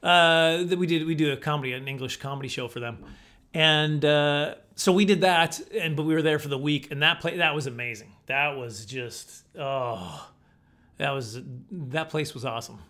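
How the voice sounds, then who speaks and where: A middle-aged man with a slightly high voice tells stand-up comedy stories. He is animated and self-deprecating, and he often breaks into acted-out voices. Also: moderate pace.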